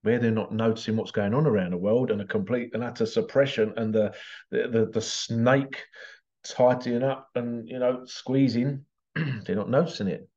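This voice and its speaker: A man's voice: mid-range voice, steady tone, moderate pace, darkish tone, lo-fi sound. An Englishman hosting a podcast in a casual solo monologue, rambling and digressive with frequent chuckles. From England. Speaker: podcast host.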